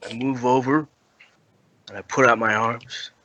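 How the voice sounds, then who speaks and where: Male player, bright slow delivery, deadpan jokes. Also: medium pitch, highs cut off, slight background noise. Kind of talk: casual tabletop play.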